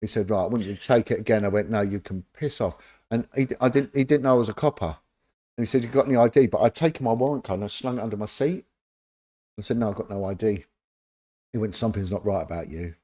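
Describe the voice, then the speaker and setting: A middle-aged man, telling lively stories as an interview guest and acting out the dialogue. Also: lowish voice, fast talker. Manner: animated anecdote-telling, acts out quoted dialogue. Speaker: interview guest, former police officer. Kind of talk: casual storytelling.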